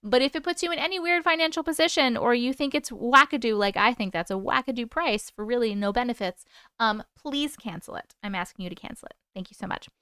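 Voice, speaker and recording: A woman with a New York accent hosts a relaxed livestream, rambling cheerfully and calling out viewers by name. Her voice sits high and rings smooth and clear. The sound is close and dry, with no room echo. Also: a little fast. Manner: chatty, rambling, greets viewers by name, casual swearing. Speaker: livestream host and storyteller. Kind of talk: casual livestream chat.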